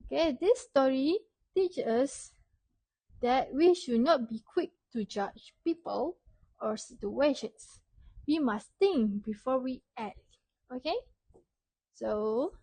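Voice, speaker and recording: A woman teacher telling a story to young children, asking questions and praising answers clearly. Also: fairly high pitch, darkish tone, no echo.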